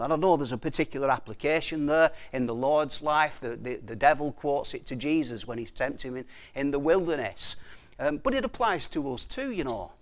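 A man preaching a sermon, reading scripture slowly and asking his listeners rhetorical questions, with frequent restarts. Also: medium pitch, expressive. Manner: reads scripture slowly and deliberately.

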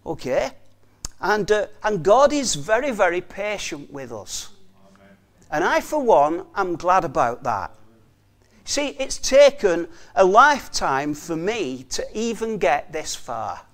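A man preaching a sermon earnestly, repeating key phrases for emphasis and often dropping to a soft, quiet delivery. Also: high-pitched, big pitch swings, measured pace.

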